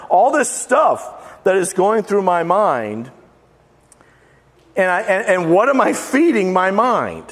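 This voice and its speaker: A man's voice: high-pitched, very animated, slow. A male pastor giving a casual, humorous sermon, folksy and joking, rattling off lists with playful emphasis. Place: church sanctuary. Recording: long church-hall reverb.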